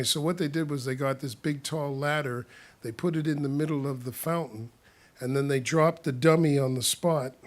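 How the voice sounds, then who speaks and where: A man with a somewhat high voice tells a story casually and loosely. He keeps chuckling as he goes, circling back and restarting his sentences. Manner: chuckles often while telling, rambling with restarts.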